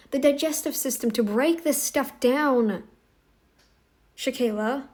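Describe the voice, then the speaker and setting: A woman's voice: high-pitched, slow pace, a little mellow. A woman giving casual reaction commentary in a blunt, scolding, emphatic way.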